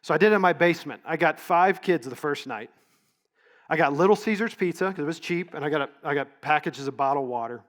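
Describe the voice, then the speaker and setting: A middle-aged man gives a storytelling keynote at a leadership event, his voice sitting a little high for a man. He talks in a loose, conversational way and now and then stops to correct a word before carrying on. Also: expressive, quick pace. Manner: conversational, story-driven, with small self-corrections. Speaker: leadership conference speaker. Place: event stage.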